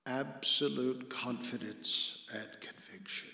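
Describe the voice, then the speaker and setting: A man preaching a sermon as pastor, earnest, sometimes dropping his voice to a hush for emphasis. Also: medium pitch, slow. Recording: echoey hall with long reverb.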